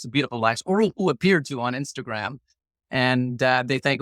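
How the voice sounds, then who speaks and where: A man's voice: mid-range voice, fairly quick, fairly bright tone, dry recording. A middle-aged man telling a personal story as a guest in an interview, acting out the competing voices in his head. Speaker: guest, former hostage negotiator.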